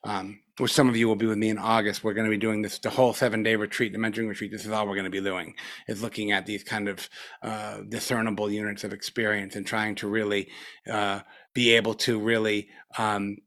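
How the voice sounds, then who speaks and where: A man's voice: lowish voice, bright, forceful tone. Man, meditation teacher, casual dharma talk, rambling, profane, many fillers, spaced out, middle-aged. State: a little spaced out after retreat.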